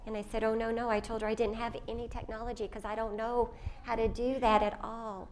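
A woman, speaking to a group of mothers and telling a family story with lively quoted voices. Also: a little high, brisk. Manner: warm storytelling, animated when quoting her younger self. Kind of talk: personal talk to mothers.

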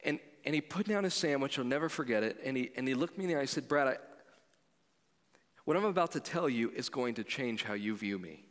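A man's voice: mid-range voice, expressive, brisk. Preaching man in a reverberant hall. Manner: conversational, swings from loud appeals to hushed storytelling. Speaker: pastor. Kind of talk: sermon.

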